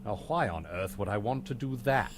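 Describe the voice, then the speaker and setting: Butler, deadpan, formal, lowish pitch, very varied intonation, noisy game audio. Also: male voice, normal speed. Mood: dry. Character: weary dry-witted male English butler. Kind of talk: video game voice acting.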